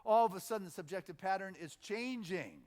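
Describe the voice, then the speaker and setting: Slightly high-voiced man preaching conversationally. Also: a little mellow. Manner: informal, halting restarts, builds on repeated phrases. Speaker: minister. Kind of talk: conversational sermon. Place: spiritual center sanctuary.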